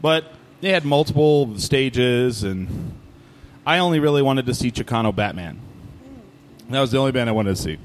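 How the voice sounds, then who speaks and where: Animated male co-host, storyteller, wide pitch swings, faint background noise. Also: moderate pace. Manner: animated storyteller, acts out quotes. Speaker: podcast co-host. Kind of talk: casual chat. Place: distillery.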